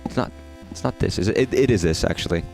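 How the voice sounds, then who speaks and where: A man's voice: low-pitched, fast, gravelly, soft background music. A man chatting casually while streaming a game, rambling and swearing freely. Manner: rambling, profane, animated. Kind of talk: casual gameplay livestream chat.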